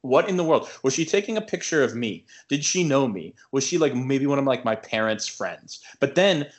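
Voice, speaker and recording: A young man with an ordinary mid-pitched voice talks through a story on a podcast. He rambles, circles back, and fills every gap with filler words and restarts, in a loose and casual way. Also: expressive, normal speed. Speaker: podcast co-host.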